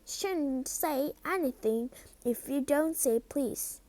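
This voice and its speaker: A gleeful male poltergeist who taunts and cackles at the top of his voice, as a woman reading a storybook puts him on. His voice sits high and he talks slowly. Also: no room sound. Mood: taunting. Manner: taunting, loud, shrieking cackle.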